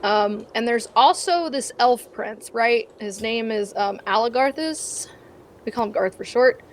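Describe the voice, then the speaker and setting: A woman's voice: a little high, a little slow, slight background noise. A woman playing in a tabletop game stream, chatting in a rambling, casual way full of ums. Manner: rambling, with frequent ums and laughs.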